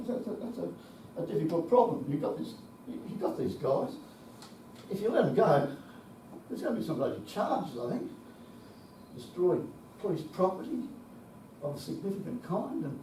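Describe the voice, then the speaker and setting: An Australian man in his seventies, speaking in a high voice with a dark tone, entertains a conference hall with anecdotes, salty swearing, and chuckles. The echoey room and distant mic carry a little hiss or hum.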